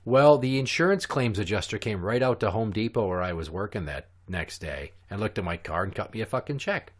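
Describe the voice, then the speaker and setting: A man hosting a podcast, telling a story in a casual, animated, profane way. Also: on the low side, brisk. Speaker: podcast host.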